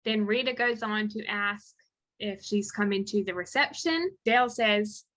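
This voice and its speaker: Bright-voiced woman podcast co-host. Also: medium pitch, unhurried. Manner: reads quotes aloud with lively acted inflections. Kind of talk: casual chat recapping a film.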